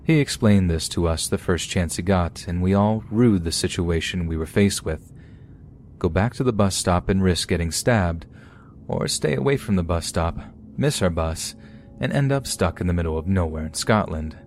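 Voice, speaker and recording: A man hosting a podcast, reading listeners' true horror stories aloud in a steady storytelling way. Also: sits low, moderate pace, slight background noise. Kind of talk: scripted horror story narration.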